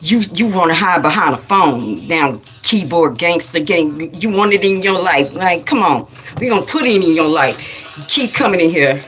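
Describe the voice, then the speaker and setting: A woman's voice: on the low side, animated, a bit bright, faint music behind. Scolding preachy woman on a livestream. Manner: preachy, scolding, rapid-fire; repeats phrases for emphasis. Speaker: livestream host. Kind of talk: spiritual livestream talk.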